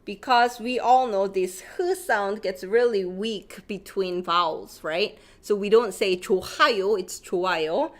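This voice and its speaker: A woman's voice: mid-range voice, unhurried, few pauses. A woman from Korea with a Korean accent, teaching a live-streamed language lesson, reading out viewers' questions and explaining in English with Korean examples.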